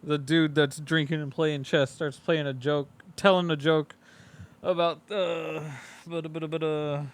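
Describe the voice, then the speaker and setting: A man's voice: on the high side, level tone, measured pace. A man co-hosting a podcast, casually recapping a movie and swearing a lot while acting out characters' lines. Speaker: podcast co-host.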